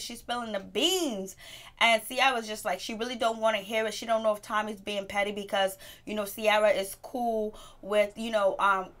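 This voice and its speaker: Woman, TV reviewer, casual recap, chatty, mid pitch. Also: fairly bright tone. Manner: chatty, loops back with "so anyways"; greets viewers as "my peeps". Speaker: TV show reviewer.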